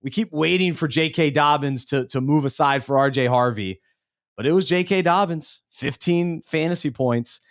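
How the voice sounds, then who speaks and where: Male podcast co-host, slightly high voice, loose rambling delivery that trails off low. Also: moderate pace. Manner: rambling, trips over words, trails off low. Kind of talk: casual podcast chat.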